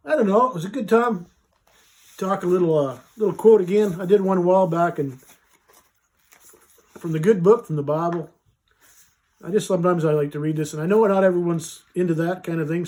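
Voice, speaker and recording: A man with a high-pitched, slightly mellow voice hosts a casual live vlog. He reads a short Bible passage and explains it, rambling in a folksy way with lots of fillers and restarts.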